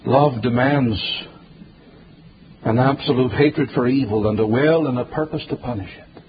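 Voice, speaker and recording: A man preaching a fiery sermon, swinging between loud drawn-out declarations and hushed, low pleading. Dull, lo-fi recording with faint background hiss.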